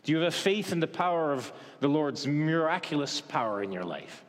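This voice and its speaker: A male pastor preaching a sermon, asking the congregation questions and dropping to a hush for tender moments. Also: fairly high pitch, very animated. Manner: questioning, dramatic pauses, softens to a hush for gentle moments. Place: church. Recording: reverberant church hall.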